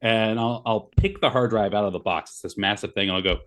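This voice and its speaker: A man's voice: fairly low pitch, brisk, fairly bright tone. A man playing a tabletop role-playing game, hesitant and dryly funny as he describes his character. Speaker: player.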